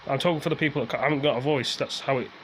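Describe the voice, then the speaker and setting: A man venting into the camera in a loose, rambling rant. His voice sits at an ordinary middle pitch, and he circles back to the same points, swearing as his frustration builds. A faint hum of background noise sits behind him. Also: steady tone, very fast, fairly bright tone, rough recording. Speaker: vlogger. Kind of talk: casual ranting to camera.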